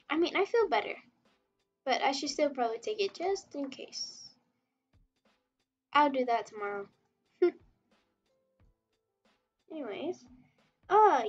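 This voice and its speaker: High-voiced chatty woman streamer. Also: dull audio. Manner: chatty, rambling, reacting to chat, giggly. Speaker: webtoon artist streamer. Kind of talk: casual livestream chat while drawing.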